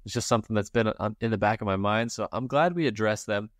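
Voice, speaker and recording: A man's voice: on the low side, quick pace, dry recording, clean studio sound. A man co-hosting a podcast in casual chat, ranting in an exasperated way and mimicking hype-man voices. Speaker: podcast co-host.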